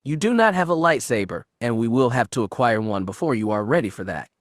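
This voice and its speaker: An ancient Sith spirit, cold and contemptuous, speaks low with an archaic accent and a hiss, as a man puts him on in a storybook reading. The voice sits in a middle register and sounds dry and close. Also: animated, fairly quick, no room sound, close to an everyday voice. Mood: chastising. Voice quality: quiet, hissing.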